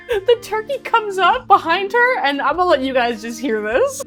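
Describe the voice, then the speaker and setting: A woman's voice: extremely high pitch, very animated, moderate pace, fairly bright tone, soft background music. A young woman giving a casual, sarcastic recap of a bad movie, giggling often and mimicking the characters. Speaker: movie commentary streamer.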